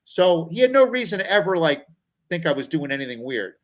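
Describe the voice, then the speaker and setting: A middle-aged man on a talk show, spinning a personal story with an animated delivery. His voice sits a bit high, and he slips into other people's voices when he quotes them. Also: brisk, low-quality recording. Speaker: comedian guest.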